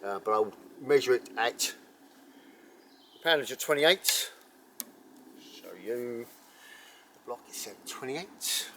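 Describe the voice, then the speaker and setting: A man hosting an archery channel, talking casually and rambling with many ums and self-corrections while reviewing a bow outdoors in bright sun. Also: mid-range voice, expressive, takes it slowly, pauses often, a little hiss or hum. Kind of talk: casual unscripted gear review.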